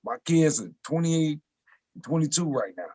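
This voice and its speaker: A man's voice: on the high side, lively intonation, normal speed, darkish tone, low-quality recording. A man in his forties talking casually and reflectively on a video call. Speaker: guest. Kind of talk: casual chat.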